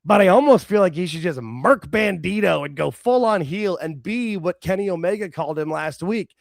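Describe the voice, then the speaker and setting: A man co-hosting a casual wrestling talk show, excitable, talking in quick bursts with laughs and restarts. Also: sits high, gravelly, no room sound, studio quality. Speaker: podcast co-host.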